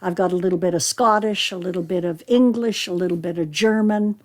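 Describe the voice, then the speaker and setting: An older woman, an actress and storyteller, chatting in an interview and telling lively anecdotes about her acting. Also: mid-range voice, a little fast. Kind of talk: casual interview chat.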